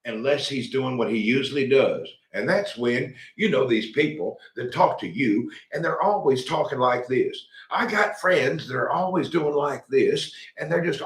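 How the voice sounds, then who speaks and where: A man's voice: a little high, moderate pace, hardly any pauses, a bit bright. Man in his middle years, folksy livestream host, loose rambling delivery, roomy sound. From Tennessee, USA. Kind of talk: casual live chat reading comments.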